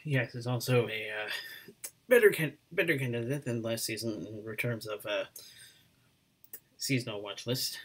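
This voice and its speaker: A man of middle pitch with a husky voice answers slowly and hesitantly, pausing on fillers. He sounds a little distant from the mic. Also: a bit bright. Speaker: podcast co-host. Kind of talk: casual chat.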